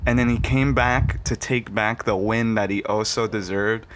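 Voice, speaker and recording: A young man hosting a podcast in casual chat, cursing freely, laughing often and jumping into high mocking voices. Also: steady tone, normal speed, fairly bright tone, slight background noise. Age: young adult. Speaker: podcast host.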